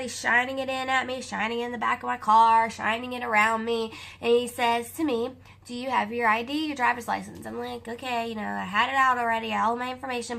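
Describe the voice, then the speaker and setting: Bright, gravelly Southern-toned young woman. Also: fairly high pitch. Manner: animated, chatty, addresses viewers as you guys. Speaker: vlogger telling a personal story. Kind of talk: casual storytelling to camera.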